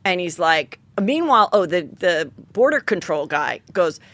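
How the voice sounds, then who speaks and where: A woman podcast host telling a story in casual chat, dramatic and animated, with a lot of swearing. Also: lowish voice, moderate pace, no echo.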